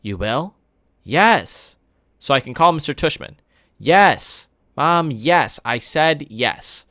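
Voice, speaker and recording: A woman putting on a blunt, exasperated schoolboy, pitched higher than her reading voice and swinging widely up and down. It is close, dry and clear. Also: lively intonation, takes it slowly, a bit bright, no room sound, full character voice. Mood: resigned.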